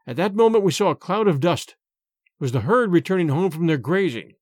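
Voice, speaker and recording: A man narrating a first-person story in a measured storytelling manner. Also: high-pitched, animated, darkish tone, no room sound, studio quality. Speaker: audiobook narrator.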